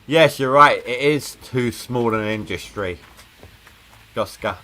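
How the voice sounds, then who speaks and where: A man's voice: medium pitch, measured pace, pushed and bright, soft background music. A man streaming a video game live, chatting casually and joking as he thinks aloud about his progress. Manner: rambling, jokey, thinking aloud. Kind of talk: casual gameplay commentary.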